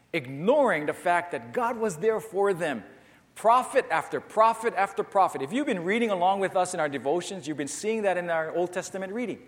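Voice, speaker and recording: Male pastor, slightly high voice, emphatic sermon delivery in a long-reverb church hall. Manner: emphatic, repetitive preaching straight to the listeners. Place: church before a congregation.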